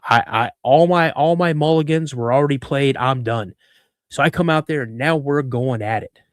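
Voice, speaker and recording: A man in his fifties from Washington State, telling a personal story as a podcast guest, animated, acting out the voices in it and often repeating himself. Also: medium pitch, moderate pace, no room sound, studio quality. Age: 50s. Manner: repeats words and restarts mid-sentence. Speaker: guest, cryptid researcher.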